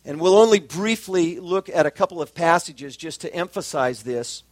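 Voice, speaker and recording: A man preaching an expository sermon, measured and emphatic, slowing down to stress key phrases. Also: on the high side, lively intonation, no room sound. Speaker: pastor.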